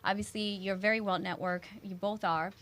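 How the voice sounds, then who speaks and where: A woman's voice: mid-range voice, steady tone, moderate pace, fairly bright tone, a little hiss or hum. A woman hosting a podcast, explaining things in an enthusiastic, casual way. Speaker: podcast host.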